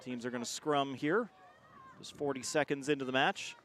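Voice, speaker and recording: A man calling live rugby play-by-play as the main commentator, quick and energetic in his delivery. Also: mid-range voice, a crowd in the background.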